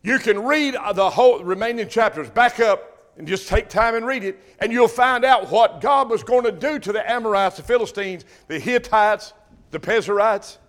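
An older man, preaching a sermon with impassioned bursts of loudness on key words. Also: high voice, normal speed. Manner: impassioned preaching, swells loud on emphasis. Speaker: pastor.

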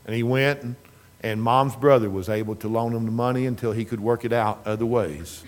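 A man's voice: fairly low pitch, a little fast, slight background noise. A middle-aged man telling a rambling, folksy family story in casual talk. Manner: rambling, folksy, restarts and trails off.

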